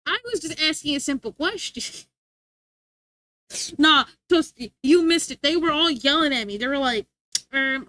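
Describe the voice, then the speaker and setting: A woman's voice: high voice, moderate pace, pauses often, bright, forceful tone, dry recording. A woman streaming live and chatting casually with her chat, playful and teasing, laughing often.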